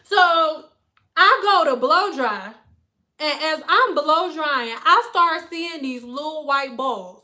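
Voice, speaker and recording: A woman's voice: sits high, slow. A woman hairstylist ranting on a casual livestream, blunt and profane as she tells stories. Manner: blunt, profane, animated storytelling.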